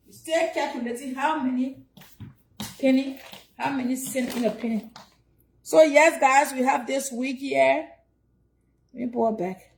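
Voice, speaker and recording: A woman's voice: high-pitched, normal speed, background noise. A woman with a Liberian English accent hosting a casual livestream, chatty and preachy as she urges viewers to give donations. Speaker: livestream host.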